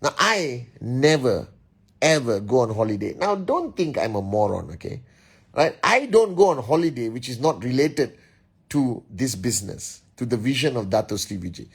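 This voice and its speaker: A man hosting a livestream, giving a forceful motivational talk to his team and calling out shout-outs to viewers. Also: mid-range voice, very animated, slightly rough. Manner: forceful, exhorting, rapid-fire shout-outs. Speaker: business leader hosting a livestream.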